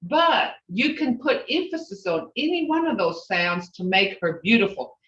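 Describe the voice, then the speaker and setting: A woman's voice: fairly high pitch, very animated, moderate pace, fairly bright tone, a little hiss or hum. A woman teaching a language class over a video call, patiently repeating each word and drilling it. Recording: roomy, distant, dull video call audio.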